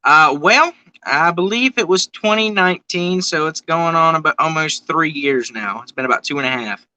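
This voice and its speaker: A man's voice: a little high, lively intonation, moderate pace, sharp tone, no room sound, low-quality recording. A man, a wrestler answering interview questions in an easygoing way, with some friendly trash talk. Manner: easygoing, trash-talks with a grin.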